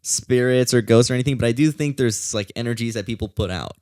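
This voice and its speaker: A man's voice: medium pitch, fast talker, darkish tone, no room sound, clean studio sound. A young man, a security guard, casually telling a story in a rambling way, full of fillers and acted-out quotes.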